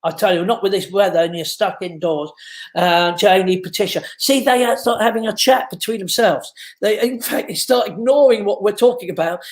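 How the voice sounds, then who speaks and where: A man's voice: high-pitched, normal speed. A man hosting a casual live stream from his home, chatting, laughing and reading out viewers' names and greetings. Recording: echoey room.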